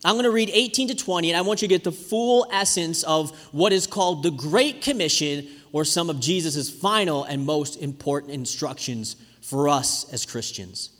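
A man, a pastor preaching a sermon with lively, conversational storytelling. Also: on the high side, moderate pace, few pauses. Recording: reverberant hall.

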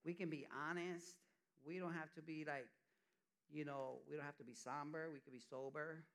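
A middle-aged church elder preaching a conversational sermon, often acting out what people say. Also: male voice, a little high, fairly even intonation, normal speed, fairly bright tone.

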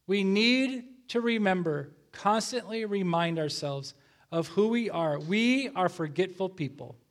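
A man's voice: sits high, lively intonation, a little slow. A middle-aged male pastor giving an earnest sermon, reading scripture and telling a family story.

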